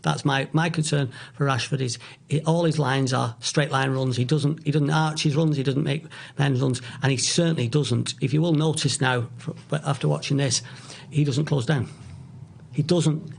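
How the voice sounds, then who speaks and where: A man, middle-aged, talking as a guest in a casual podcast chat, opinionated and halting with many restarts. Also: mid-range voice, fairly even intonation, vocal fry. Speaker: guest, football author.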